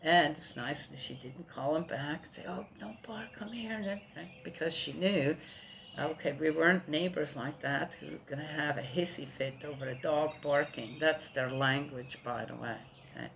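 A woman's voice: low voice, steady tone, normal speed, vocal fry, a bit bright, slight background noise, poor audio. Older lady just chatting away outside, rambly, keeps saying right?, bugs buzzing faintly. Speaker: vlogger. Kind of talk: casual morning chat.

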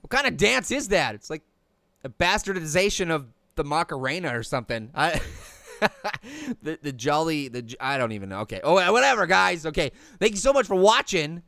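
A man voicing a cocky, hyper talking pear who brags about his gaming skills while playing a video game, slangy and prone to high squealing screams. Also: sing-song, moderate pace, gravelly, bright, forceful tone, no echo, heavily acted. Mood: chatty. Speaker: game commentator. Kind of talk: let's-play cartoon commentary.

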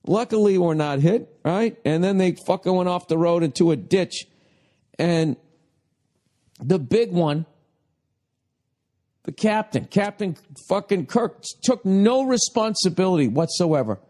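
A man in his forties from the United States, a comedian hosting a podcast, ranting with exasperation, swearing heavily and yelling at times. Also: sits high. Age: 40s. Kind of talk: profane comic rant.

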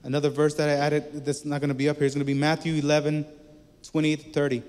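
A man preaching a sermon in a relaxed, conversational way, telling personal stories between scripture readings. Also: a little high, fast talker. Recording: echoey hall reverb.

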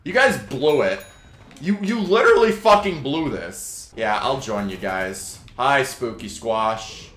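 Young guy gaming, cussing out his team, bright sharp voice, roomy echo. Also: mid-range voice, lively intonation, a little slow. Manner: swears and yells at teammates, sarcastic. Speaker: gaming YouTuber. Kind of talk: gameplay commentary.

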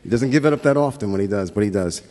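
A man giving a relaxed, rambling tribute speech at a memorial, with fillers and restarts. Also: on the low side, rapid-fire. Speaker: memorial speaker. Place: theatre stage. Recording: long hall reverb.

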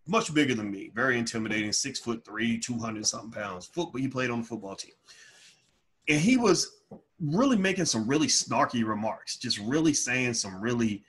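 A man telling a personal story in an emphatic monologue, growing loud and high-pitched when heated. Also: husky. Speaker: financial educator.

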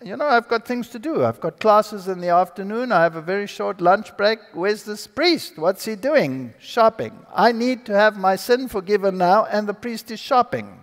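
High-voiced man telling a dramatic story. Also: moderate pace, few pauses. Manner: animated, dramatic storyteller who acts out dialogue. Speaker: speaker giving his testimony. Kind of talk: storytelling testimony to an audience. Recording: long hall reverb.

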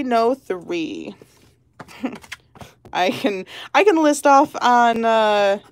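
A woman hosting a lottery-ticket channel, chatting casually and giggling as she calls out numbers one by one. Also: fairly high pitch. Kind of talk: casual chat while scratching tickets.

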